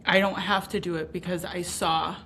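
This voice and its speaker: Bright-voiced woman telling her story emphatically. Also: on the low side, moderate pace, a little hiss or hum. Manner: emphatic, animated, swears casually. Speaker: podcast guest. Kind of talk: candid interview storytelling.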